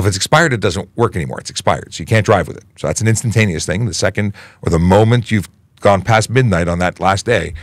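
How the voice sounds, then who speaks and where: A man who is a police media relations officer, hosting a casual Q&A livestream and answering viewer questions in a conversational, animated way with frequent restarts. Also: low voice, dry recording. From Canada.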